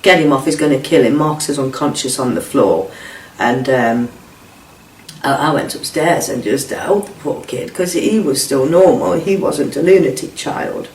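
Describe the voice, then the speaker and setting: A man's voice: fairly high pitch, moderate pace, slight background noise. A middle-aged man, giving blunt, sweary personal testimony in an interview and repeating himself as he retells events. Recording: roomy, distant mic, faint ambience.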